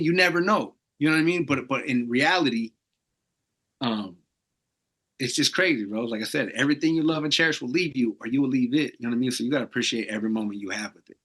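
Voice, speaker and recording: A man's voice: mid-range voice, fast talker, fairly bright tone. A man from Arizona, a podcast guest, speaking casually and earnestly, tossing "bro" into nearly every sentence. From Arizona, USA. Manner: loose slangy talk, says "bro" constantly; earnest, emotional, reflective. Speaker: podcast guest, tattoo artist. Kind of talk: casual candid storytelling.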